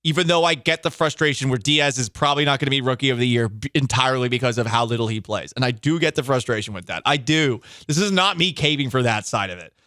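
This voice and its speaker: A man hosting a sports talk show, bantering in an animated, sarcastic and emphatic way into a studio microphone. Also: mid-range voice, no echo.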